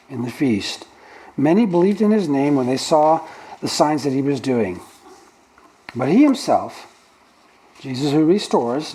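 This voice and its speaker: A man's voice: fairly high pitch, mellow, poor audio. A male pastor preaching a teaching sermon, explaining the original words of the text, with frequent restarts. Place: church sanctuary.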